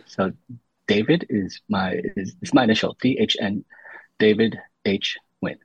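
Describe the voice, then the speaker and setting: A man's voice: lowish voice, fairly even intonation, measured pace, husky, no echo. A man speaking as a guest on a podcast, explaining things patiently with many restarts, on a dull lo-fi recording. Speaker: podcast guest, university senior fellow. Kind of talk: casual interview talk.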